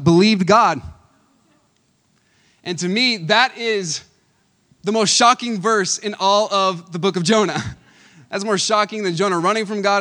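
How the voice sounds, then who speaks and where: Lively pastor, slightly high male voice. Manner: animated, chuckles often, varies between loud emphasis and quiet asides. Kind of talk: conversational Sunday sermon.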